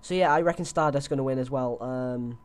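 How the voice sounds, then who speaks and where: Speaking smoothly at a medium pitch and fairly quick pace, a young man wearing a headset casually runs through wrestling predictions, often restarting sentences and using fillers.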